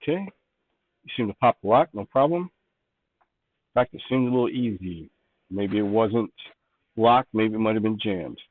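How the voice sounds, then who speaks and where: A man's voice: lowish voice, unhurried, pauses often, no room sound, narrow, tinny audio. A man narrating as game master, describing rooms and thinking aloud as he sets each scene.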